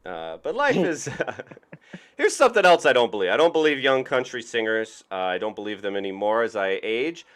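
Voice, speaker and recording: A man's voice: mid-range voice, normal speed. A young man from Georgia, doing a self-deprecating stand-up set on an online show. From Georgia, USA. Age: young adult. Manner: self-deprecating, lively storytelling with goofy put-on voices. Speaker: stand-up comic.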